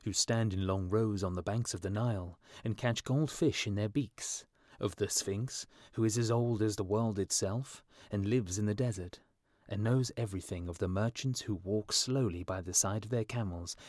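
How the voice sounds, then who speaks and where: A male storyteller reads a fairy tale aloud in slow, clear scripted narration, paced for English learners. His voice sits fairly low. It is recorded close and very dry. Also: darkish tone, dry recording.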